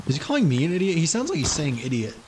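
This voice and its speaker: A man's voice: on the high side, huge pitch swings, rapid-fire, noisy background. A man streaming a game, chatting casually, rambling and giggling as he trails off. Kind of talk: casual gaming commentary.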